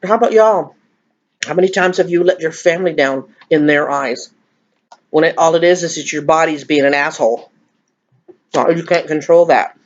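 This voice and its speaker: A woman's voice: low voice, moderate pace, pauses often. Woman, fifties, confiding vlog chat over a meal, muffled lo-fi audio. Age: 50s. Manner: confiding, emotional, rambling. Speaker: vlogger. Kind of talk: casual chat while eating.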